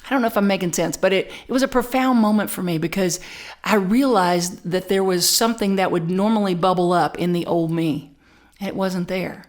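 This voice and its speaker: A middle-aged woman minister preaching a sermon, telling a personal story with lively, animated delivery and frequent repeats and restarts. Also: mid-range voice, fairly quick. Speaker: spiritual community minister.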